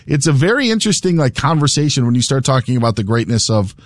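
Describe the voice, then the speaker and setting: A man's voice: medium pitch, very animated, fast, dry recording, clean studio sound. Opinionated man talking football. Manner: opinionated, restarts often. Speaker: sports talk co-host. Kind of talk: casual sports debate.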